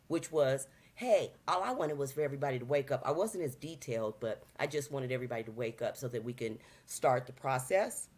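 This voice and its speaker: A woman in her fifties chatting casually as a talk show guest, animated and preachy, full of slang, acting out little quoted voices. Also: a bass voice. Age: 50s. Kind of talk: casual chat.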